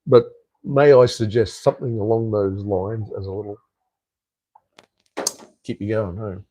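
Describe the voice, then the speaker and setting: A man's voice: lowish voice, fairly even intonation, measured pace, mellow, muffled recording, slight background noise. Swearing, rambling Australian man on a live stream. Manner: rambling, swears freely, frequent fillers and restarts. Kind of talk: casual live-stream chat reading viewer comments. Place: home in Cambodia.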